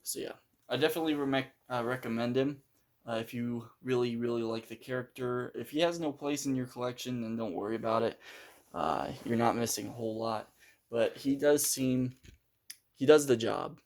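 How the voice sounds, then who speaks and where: A man's voice: medium pitch, fairly even intonation, brisk. A man giving a casual, unscripted toy review, hesitant and full of fillers as he handles the figure.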